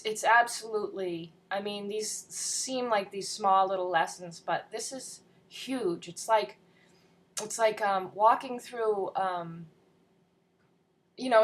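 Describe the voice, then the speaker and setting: A woman's voice: medium pitch, fairly bright tone. A woman leading a casual morning video lesson from home, talking earnestly into her camera with many ums and some whispered asides. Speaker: spiritual study leader. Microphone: built-in camera mic.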